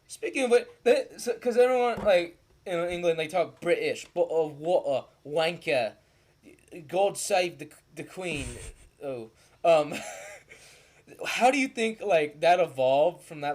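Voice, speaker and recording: A man's voice: on the high side, a little mellow. A young man co-hosting a casual podcast chat, rambling and joking, often trailing off mid-thought. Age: young adult. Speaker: podcast co-host.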